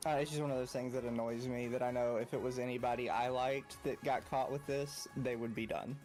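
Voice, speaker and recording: Man co-host with a measured delivery. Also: mid-range voice, steady tone, a little mellow, soft background music. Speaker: podcast co-host. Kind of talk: casual chat.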